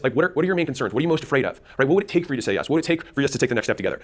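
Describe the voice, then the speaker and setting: A man coaching salespeople, giving confident, instructive advice in a teaching talk. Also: mid-range voice. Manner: rapid, confident, instructive delivery. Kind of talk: fast-paced teaching talk.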